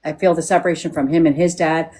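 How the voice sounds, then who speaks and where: A woman's voice: low-pitched, fairly even intonation, fast, mellow. A woman working as a psychic medium on a live stream, frank and checking in with yes-or-no questions.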